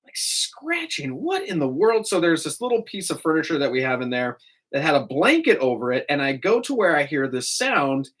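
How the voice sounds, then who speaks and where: Man, morning radio host, lively swooping pitch, chatty storyteller, studio mic. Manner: chatty, animated storyteller with quick asides. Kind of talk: casual radio talk.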